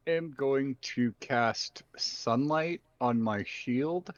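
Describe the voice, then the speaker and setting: A man's voice: medium pitch, very slow, dry recording, lo-fi sound. A man playing in a tabletop game, casual and blunt, sometimes swearing. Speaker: player.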